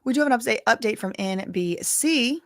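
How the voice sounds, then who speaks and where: A woman's voice: on the high side, expressive, fairly quick, fairly bright tone, no echo, clean studio sound. A woman giving casual live-stream commentary, reading news updates aloud with chatty asides, sounding tired. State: tired, yawning.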